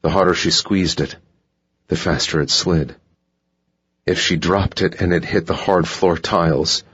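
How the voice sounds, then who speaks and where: A man narrating a thriller audiobook in a steady, measured reading. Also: low voice, husky. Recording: dull lo-fi audiobook recording.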